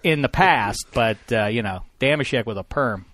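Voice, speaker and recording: A man hosting a casual sports talk show from a studio, joking and mocking himself, his voice rising and falling in loudness. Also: medium pitch, expressive, moderate pace, no echo. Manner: jokey, self-mocking, swings between loud and quiet. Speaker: podcast host.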